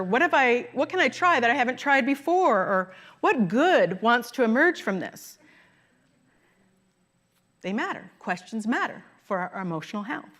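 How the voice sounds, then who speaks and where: A middle-aged woman preaches in a relaxed, conversational way, pausing to laugh at her own anecdotes. Her voice sits a little high. It is a Sunday talk in a church sanctuary. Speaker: minister. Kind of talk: sermon.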